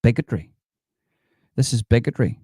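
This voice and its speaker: A man's voice: mid-range voice, expressive, normal speed, warm tone, breathy edge, no room sound, clean studio sound. A man doing a sarcastic impression of a smug, mock-outraged politician, mocking comments in a live stream. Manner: sarcastic, mocking, reads comments and scoffs at them.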